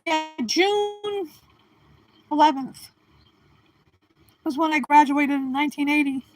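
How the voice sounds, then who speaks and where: Chatty high-voiced woman in her sixties. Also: slow, poor audio. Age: 60s. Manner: rambling, chatty, restarts and trails off. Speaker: livestream host. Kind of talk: casual chat answering live viewers.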